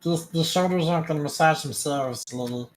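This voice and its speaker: A player speaking in character in a tabletop game, cheeky and deadpan. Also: mid-range voice, a little fast, a little hiss or hum.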